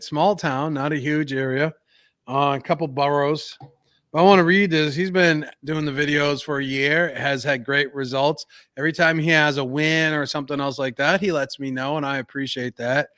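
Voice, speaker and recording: American guy cohosting a podcast, kinda preachy and emphatic, bit high voice, dry close sound. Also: fairly even intonation, moderate pace, a bit bright, no room sound. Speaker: podcast co-host. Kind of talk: casual podcast talk.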